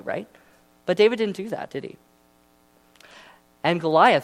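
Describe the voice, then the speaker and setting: A man's voice: high-pitched, expressive, normal speed, pauses often, a bit bright. Chatty young man preaching. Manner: casual and chatty, many fillers. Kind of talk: sermon.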